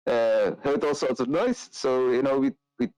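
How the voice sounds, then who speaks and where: A man's voice: medium pitch, normal speed, darkish tone, clear, resonant tone, no echo, voice pushed up, natural voice, low-quality recording. A man voicing a drunk, boastful male tavern brawler who slurs and leers. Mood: conspiratorial. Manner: slurring, boastful, leering.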